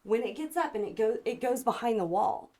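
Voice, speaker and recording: Woman guest telling an animated story. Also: a little high, brisk. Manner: excited, acts out quoted speech, voice climbs when alarmed. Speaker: ufologist guest.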